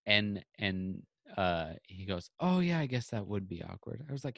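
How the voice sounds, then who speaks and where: A podcast co-host at home on a video call tells a story in casual chat, animatedly acting out both sides of the quoted back-and-forth. His voice is fairly low with vocal fry, at normal speed, and there's no echo.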